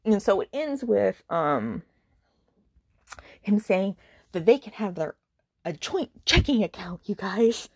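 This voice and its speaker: A woman's voice: mid-range voice, lively intonation, husky, no room sound, studio quality. A woman hosting a book podcast, retelling a story in a casual, exasperated and sarcastic rant full of fillers and swearing. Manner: fast retelling with many fillers.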